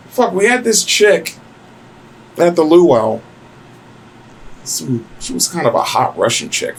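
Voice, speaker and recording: Crude, animated male podcast host. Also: on the high side, slow, pauses often, husky, low-quality recording. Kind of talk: casual profane storytelling.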